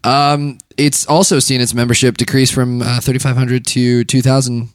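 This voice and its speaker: A man's voice: medium pitch, moderate pace, clean tone, no echo. A man co-hosting a comedic podcast, reading odd news stories and joking around with a lot of laughter. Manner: jokey, laughs a lot, lively ups and downs.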